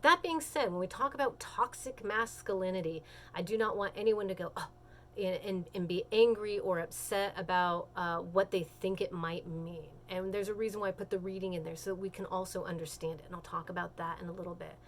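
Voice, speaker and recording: A woman's voice: lowish voice, brisk, slight background noise. A woman giving a recorded class lecture in a conversational, emphatic way, with frequent fillers and self-corrections.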